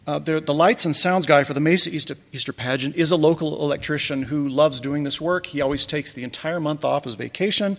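A man's voice: on the high side, fairly quick, few pauses, big-room sound. A man giving a casual talk over slides, telling wry stories with chuckling asides. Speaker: presenter recounting a church pageant.

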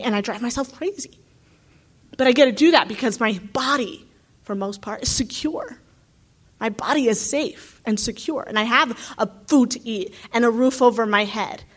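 Earnest woman thinking aloud. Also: a little high. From United States. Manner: earnest, animated, thinking aloud with many asides. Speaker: graduate student. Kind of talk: reflective talk.

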